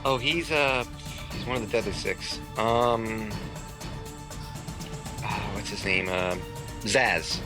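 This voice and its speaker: A man's voice: fairly low pitch, fairly even intonation, takes it slowly, long pauses, music in the background. A man contestant on a podcast quiz, joking casually and hesitating while he hunts for names. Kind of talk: casual banter.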